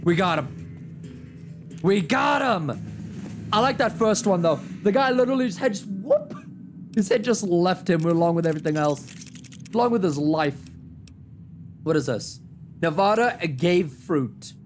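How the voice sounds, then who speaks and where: Over background music, a gaming streamer gives live commentary at a moderate pace. He's animated, trash-talking enemies jokingly, and his pitch swings widely.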